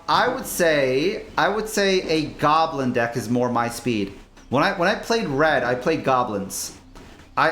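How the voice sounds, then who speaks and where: A man's voice: on the high side, fairly bright tone. Playful VTuber man narrating his card game. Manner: playful, jokey, talks to chat. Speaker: VTuber streamer. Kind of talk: casual gameplay commentary. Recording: faint music behind.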